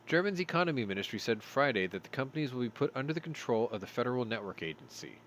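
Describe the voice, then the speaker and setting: A man's voice: mid-range voice, big pitch swings, very fast, a bit bright, a little hiss or hum. A tired man hosting a show, reading news stories aloud and breaking off for sarcastic asides. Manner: sarcastic asides between read headlines. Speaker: show host.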